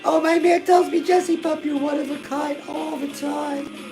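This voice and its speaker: A woman's voice: sits high, fairly even intonation, normal speed, vocal fry, low-quality recording. A woman playing a chirpy, pushy lifestyle guru who chats gushingly to the viewer in a comic character monologue. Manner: gushing, chatty, keeps addressing the viewer as girl. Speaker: host. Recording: music playing loudly under the voice. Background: music.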